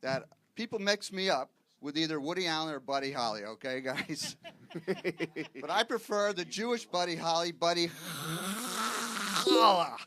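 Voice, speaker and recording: A man's voice: on the high side, expressive, normal speed, a bit bright. A man from Boston doing a stand-up comedy set, punchy and wisecracking, checking in with the crowd. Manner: wisecracking, punchy delivery with frequent "okay, guys?" asides. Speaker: stand-up comic guest. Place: live comedy show with audience.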